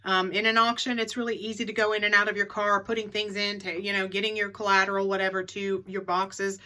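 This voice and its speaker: A woman's voice: medium pitch, little pitch movement, fairly quick, bright, forceful tone. A middle-aged woman in a casual advice vlog, chatty and repeating her key tips for emphasis. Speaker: reseller vlogger.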